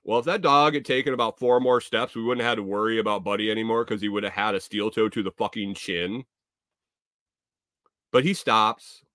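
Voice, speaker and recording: A man hosting a podcast, telling a casual, rambling story full of profanity that now and then rises to loud exclamations. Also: lowish voice, fairly quick, dry recording, studio quality. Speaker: podcast host.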